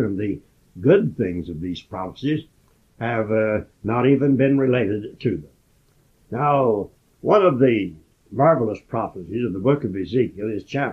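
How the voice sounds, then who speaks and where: A man giving a Bible study, who reads scripture slowly and with emphasis and then explains it. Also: mid-range voice, breathy edge. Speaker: Bible teacher. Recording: tinny phone-like lo-fi audio.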